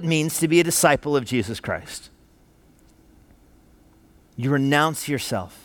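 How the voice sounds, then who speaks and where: A man's voice: fairly high pitch, lively intonation, a little slow, long pauses, a bit bright, dry recording. Emphatic male preacher, dry close sound. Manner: earnest, emphatic, punchy repeated short phrases. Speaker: pastor. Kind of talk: sermon. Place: church sanctuary.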